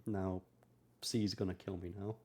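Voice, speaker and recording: A man's voice: low voice, flat delivery, measured pace, a little mellow, a little hiss or hum. A man playing a tabletop game who jokes, teases and laughs often. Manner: playful, teasing, laughs often. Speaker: player.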